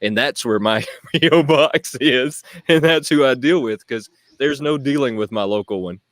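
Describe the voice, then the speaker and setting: A man chatting as a guest on a casual livestream, joking and quick to laugh. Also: medium pitch, fairly bright tone, no room sound.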